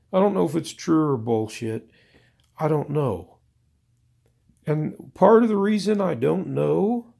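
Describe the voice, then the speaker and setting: A man's voice: fairly high pitch, gravelly, mellow. A man delivering a profane, exasperated, rambling comedic rant to his viewers. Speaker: vlogger.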